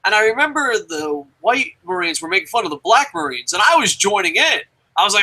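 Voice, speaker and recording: A man's voice: sits high, very animated, fairly quick, few pauses, pushed and bright, low-quality recording. A man from New Jersey hosting a casual chat show, rambling and cursing freely with frequent laughs. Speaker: show host.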